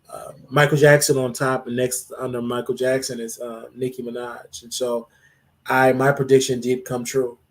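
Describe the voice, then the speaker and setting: Effusive emotional man hosting a livestream. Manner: repetitive, effusive, thanking viewers over and over; jumps to high drawn-out greetings when welcoming viewers. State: emotional after crying. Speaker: livestream host. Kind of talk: emotional live stream chat with viewers.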